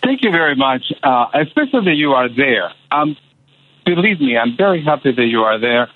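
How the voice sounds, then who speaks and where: A man's voice: mid-range voice, very animated, no room sound. Impassioned male caller on a tinny phone line. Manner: passionate, halting, many repeated fillers. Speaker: radio caller. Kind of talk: impassioned call-in.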